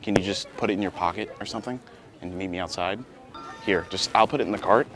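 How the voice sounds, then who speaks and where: A man's voice: sits low, quick pace, a bit bright, faint music behind. A young man hosting a prank video, talking casually and pleading in a playful, provocative way.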